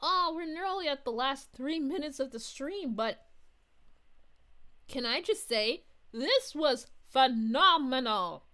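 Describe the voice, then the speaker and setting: A woman's voice: sits high, lively intonation, slow pace, pushed and bright, heavily acted. A woman voicing a bubbly, giggly young princess as a VTuber streamer, chatting with viewers in character. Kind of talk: in-character livestream chat.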